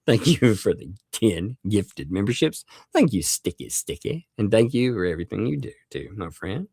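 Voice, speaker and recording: A man hosts a casual live stream with a very low, gravelly voice that still swings widely in pitch. He rambles and chuckles as he thanks members one by one. His voice sounds close and dry, with no room around it. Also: sing-song, moderate pace, warm tone, no room sound. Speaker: livestream host.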